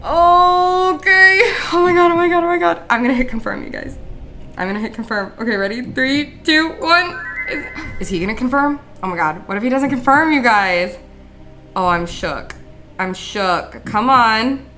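A woman hosting a gaming channel, commenting excitedly over gameplay with frequent gasps and exclamations to her viewers. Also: sits high, normal speed, faint music behind.

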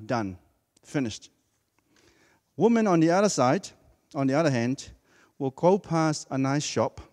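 A man's voice: mid-range voice, a little mellow, in a large hall. A man preaching a sermon in a church, speaking emphatically and repeating key words for effect.

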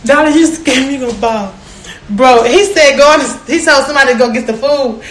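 A woman's voice: high-pitched, a little fast, a bit bright. A young woman telling stories in a casual chat, brash and profane, often laughing. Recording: echoey room with faint noise.

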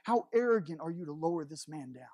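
A man's voice: lively intonation, racing, warm tone, no room sound, studio quality. A man voicing an indignant male religious elder who scolds and accuses. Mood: outraged. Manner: outraged, accusing, rising pitch.

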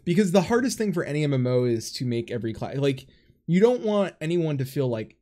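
A man's voice: fairly high pitch, big pitch swings, a little fast, warm tone. Chatty man rambling about games. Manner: rambling, filler-heavy, laughs often. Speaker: podcast co-host. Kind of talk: casual gaming chat. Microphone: headset over voice chat.

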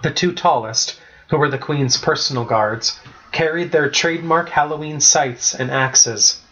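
A man reading a chapter-book story aloud as a first-person narrator, with a steady, even-paced delivery. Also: on the high side, unhurried, lo-fi sound. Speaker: audiobook narrator.

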